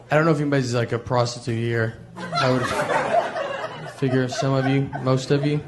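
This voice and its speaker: A stand-up comedian with a Tennessee Southern accent, delivering a live set in a deadpan, meandering way with many hesitations. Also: male voice, mid-range voice, normal speed. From Tennessee, USA. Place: stage in a venue with an audience. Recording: noisy, echoey live stage recording.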